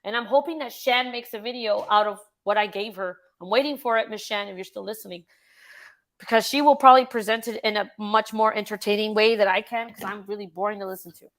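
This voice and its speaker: A woman hosts a casual true-crime livestream, chatting with a guest, reading out viewer messages and swearing freely. Her voice is medium-pitched and her pace fast.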